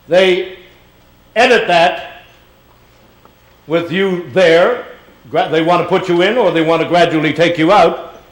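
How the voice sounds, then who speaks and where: A man's voice: high-pitched, fairly bright tone, poor audio. An older man speaking as a guest at a question-and-answer session, rambling and playful with theatrical touches. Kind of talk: Q&A talk to an audience. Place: auditorium.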